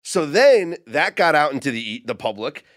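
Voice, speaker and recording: A man's voice: on the high side, big pitch swings, normal speed, a bit bright. A man on a sports betting podcast, casually recounting football news in detail.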